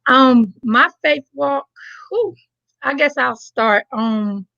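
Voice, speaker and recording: A woman's voice: high voice, takes it slowly, creaky, sharp tone, no room sound, lo-fi sound. A woman from New Jersey, a reverend and mother, giving a candid testimony and speaking directly to listeners. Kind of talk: personal testimony.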